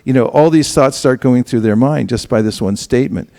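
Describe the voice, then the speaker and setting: A man's voice: mid-range voice, fairly quick, dark tone. A man teaching a seminar group, acting out little dialogues with casual asides. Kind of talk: instructional talk to a group. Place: temple hall.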